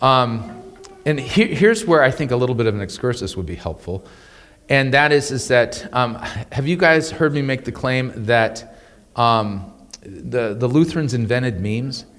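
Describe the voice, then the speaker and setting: A man gives a casual but animated Bible lesson in a mid-pitched voice. He often restarts his sentences and repeats words, with a chuckle in between. The sound carries a long reverb. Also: unhurried. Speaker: Bible teacher. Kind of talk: conversational Bible teaching.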